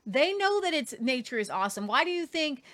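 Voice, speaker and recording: A woman's voice: sits high, very animated, a bit bright. Sarcastic woman news commentator. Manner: sarcastic, emphatic, talks in quick bursts. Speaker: host.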